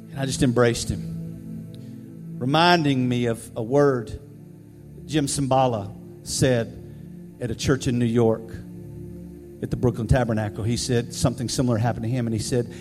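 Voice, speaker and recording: Male pastor, mid pitch, chatty storytelling sermon, echoing hall. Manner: conversational, animated storyteller. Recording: reverberant hall, faint music.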